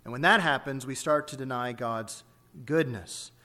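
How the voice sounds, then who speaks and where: A man's voice: mid-range voice, normal speed, pushed and bright. A man preaching an expository sermon, emphatic and full of rhetorical questions.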